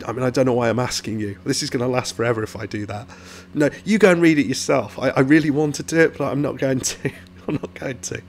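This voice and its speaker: A man's voice: medium pitch, a little mellow, slight background noise. A man hosting a casual commentary, rambling and interrupting himself as he browses. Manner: rambling, self-interrupting, chatty. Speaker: YouTube host reviewing game blogs.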